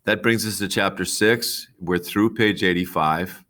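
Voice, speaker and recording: A man's voice: sits low, measured pace, bright, forceful tone. A man teaching a class, reading a novel aloud and stopping to explain words to his students. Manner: plain read-aloud with asides to the class.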